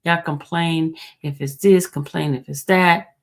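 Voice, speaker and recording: A woman hosting a livestream in a relaxed, chatty way, teasing her viewers as she answers their comments. Her voice is gravelly and has a lot of fry in it. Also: sits low, measured pace. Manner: chatty and teasing, talks straight to the chat. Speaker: livestream host. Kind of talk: casual livestream chat, reading viewer comments.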